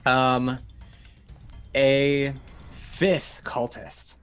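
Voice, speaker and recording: A British man runs a tabletop session as dungeon master. His voice is moderate in pitch, and his narration leans dramatic, with laughs breaking through. Faint music sits beneath him. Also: level tone, extremely slow, clear, resonant tone.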